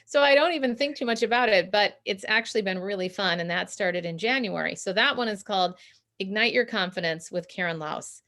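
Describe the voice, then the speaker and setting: A woman's voice: mid-range voice, brisk, a bit bright. A woman guest on a video call, giving coaching advice in an interview and laughing often as she explains. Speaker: guest, communication consultant.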